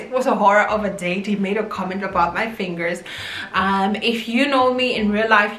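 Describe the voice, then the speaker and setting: A woman's voice: a little high, pushed and bright. A young woman from South Africa with a South African accent, chatting expressively to her viewers in a casual storytime vlog. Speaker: YouTuber. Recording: roomy echo, faint background music.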